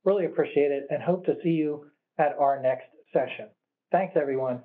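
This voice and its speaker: A slightly hoarse man presenting a webinar, answering audience questions in a measured, careful way with many fillers and restarts. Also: a little high. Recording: tinny phone-like line.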